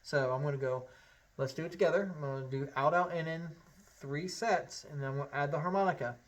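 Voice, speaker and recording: A man's voice: fairly high pitch, fairly quick, a little hiss or hum. A man teaching a harmonica lesson, encouraging and upbeat, talking straight to the learner. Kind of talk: friendly instructional lesson.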